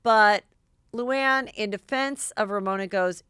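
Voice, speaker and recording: A woman hosting a gossip podcast, running through a reality TV recap in a chatty, animated way. She acts out the quarrels herself, jumping up into loud voices for each quote. Her voice is smooth and the recording is close and dry. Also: on the low side, moderate pace, no room sound. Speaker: podcast host.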